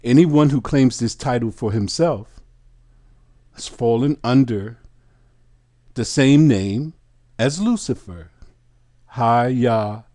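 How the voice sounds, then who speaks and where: Man, bible teacher, scripture study, very slow delivery, warm dark voice, deliberate. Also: mid-range voice, lively intonation. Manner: deliberate, reads definitions aloud, drawn-out phrases; addresses listeners as brothers and sisters.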